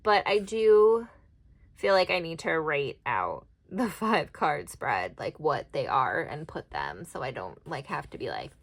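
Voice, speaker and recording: Chatty lady doing an oracle card reading, bit of vocal fry, rambles a lot. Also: low voice, big pitch swings, a little slow. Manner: chatty, rambling, thinks aloud with fillers. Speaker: tarot and oracle card reader. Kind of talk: casual card-reading vlog.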